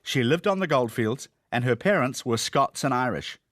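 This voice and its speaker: A man with a New Zealand accent giving scripted documentary narration in a measured, storytelling way. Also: mid-range voice, animated, a bit bright, dry recording, clean studio sound. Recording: voice-over with music behind. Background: guitar music.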